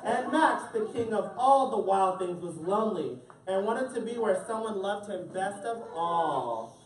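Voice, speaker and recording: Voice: medium pitch, animated, measured pace, slight background noise. A drag queen reading a picture book aloud to children, with playful joking asides to the audience. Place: indoor event space with a family audience. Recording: echoey room, far from the mic, crowd.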